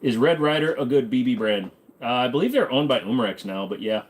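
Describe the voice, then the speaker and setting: Brief: male streamer host, casual joking Q&A, easygoing and irreverent, mid-pitched. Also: expressive, a little fast. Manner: joking, irreverent, answers chat while tinkering with gear. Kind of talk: casual livestream Q&A chat. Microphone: desk microphone.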